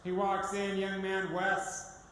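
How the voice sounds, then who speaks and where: A man giving a personal testimony to a gathering, telling his story in an animated way, often laughing and acting out the dialogue. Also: high-pitched, slow pace, a little hiss or hum. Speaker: guest speaker. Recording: echoey hall recording.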